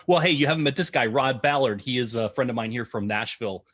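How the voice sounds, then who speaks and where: An easygoing male host at a middle pitch, talking casually on a live show. He speaks in loose, halting phrases full of fillers. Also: no echo. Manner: relaxed, halting, lots of fillers and shout-outs. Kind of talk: casual livestream interview.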